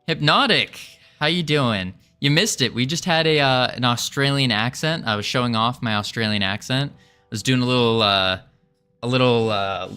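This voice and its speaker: A man's voice: medium pitch, bright, forceful tone. A man live-streaming his game development, chatting casually and playfully with viewers as he codes. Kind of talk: casual live-stream chat while coding.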